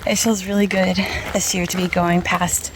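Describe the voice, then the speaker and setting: A woman's voice: on the low side, flat delivery, moderate pace, background noise. A woman vlogging outdoors as she walks a trail, talking candidly and laughing often into a handheld camera. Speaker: vlogger hiking a long-distance trail. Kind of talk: casual vlog chat.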